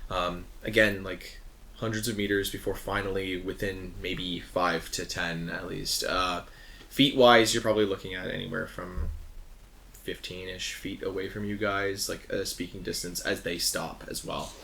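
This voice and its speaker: A man's voice: sits low, fairly even intonation, normal speed, gravelly, a bit bright, a little hiss or hum. A man narrating as game master of a tabletop game, describing scenes in a laid-back, rambling way full of fillers.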